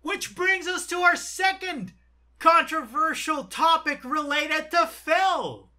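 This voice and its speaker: A woman's voice: high-pitched, slow, pushed and bright, faint music behind. A young woman from the Netherlands with a Dutch accent, narrating a sarcastic, profanity-laced commentary video. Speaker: YouTube commentator.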